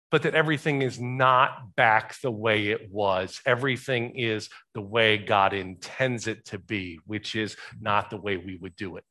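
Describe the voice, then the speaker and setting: Man, pastor, conversational sermon, bright tense voice, mid pitch, rhetorical questions.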